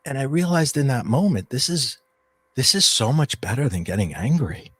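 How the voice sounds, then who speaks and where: A middle-aged man, a guest coach and author, telling a personal story in a rambling, animated way with frequent restarts. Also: mid-range voice, moderate pace, slightly rough, no room sound. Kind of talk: storytelling in an interview.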